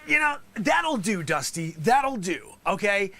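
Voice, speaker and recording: A man's voice: high voice, very animated, slow pace, sharp tone. A male host acting out an improvised courtroom sketch as a lawyer, talking theatrically and dropping into whispers for emphasis.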